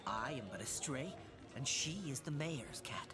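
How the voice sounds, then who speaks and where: A man's voice: medium pitch, lively intonation, a little slow, close to an everyday voice. A man voicing a vain, wistful stray tomcat in a video game, speaking in flowery, old-fashioned phrasing.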